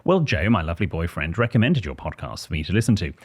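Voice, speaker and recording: A man's voice: sits low, sing-song, quick pace, slightly rough. An English man co-hosting a podcast, reading listener letters aloud with wry, theatrical emphasis. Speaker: podcast co-host.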